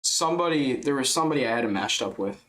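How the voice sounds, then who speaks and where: A man streaming casual live fight commentary, excitable and rambling as he thinks out loud. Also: mid-range voice, quick pace.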